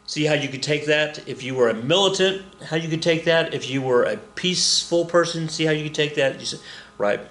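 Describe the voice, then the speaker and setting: A man's voice: on the high side, brisk, a bit bright. A man teaching a history lecture in a casual, joking way, often repeating key points for emphasis. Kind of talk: recorded classroom lecture. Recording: echoey room.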